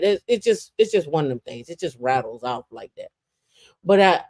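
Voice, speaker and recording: A woman co-hosting a casual podcast, with a fairly low voice. She tells her stories with animated energy and often restarts her sentences. Her delivery is loose and conversational. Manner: animated storyteller, swinging into lively voices for quotes; frequent "like" and repeated restarts. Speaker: podcast co-host.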